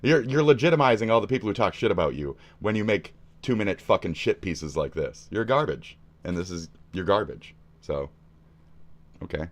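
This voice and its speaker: Angry streamer guy from the us, swearing nonstop and yelling insults. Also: low-pitched. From United States. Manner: profane, insulting, often yelling. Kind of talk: angry reaction rant.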